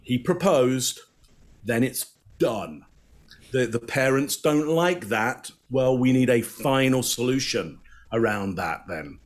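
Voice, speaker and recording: A man giving measured body language analysis on a panel, often pausing with "uh". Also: mid-range voice, animated. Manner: measured, many filler "uh"s.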